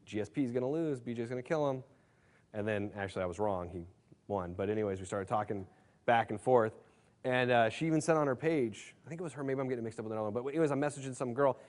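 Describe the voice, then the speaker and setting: A man presenting a dating seminar in a brash, casual storytelling way, swearing freely and leaning on fillers. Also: lowish voice. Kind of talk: casual seminar talk to a live room.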